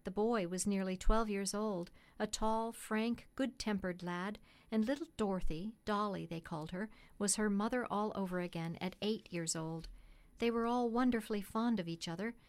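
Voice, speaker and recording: A woman narrating a classic storybook in a steady, gentle, measured way. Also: medium pitch. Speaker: audiobook narrator.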